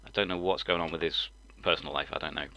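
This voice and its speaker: A man's voice: very deep voice, steady tone, fast, pushed and bright, dry recording. A man, a live-stream host, chatting casually, rambling and breaking into laughter often. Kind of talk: casual chat.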